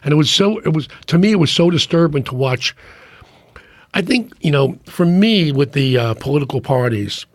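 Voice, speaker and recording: A man's voice: a little high, lively intonation, normal speed, no room sound. A middle-aged man, a podcast guest, talking in casual conversation and rambling with many restarts. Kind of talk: casual chat.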